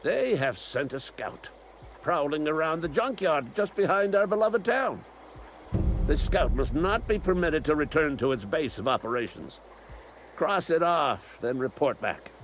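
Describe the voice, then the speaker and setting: Game voice: an old resistance leader, conspiratorial, higher pitch, lively rise and fall. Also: male voice, measured pace, soft background music. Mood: gruff. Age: older. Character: old male resistance leader, paranoid about robots. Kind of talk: video game character dialogue.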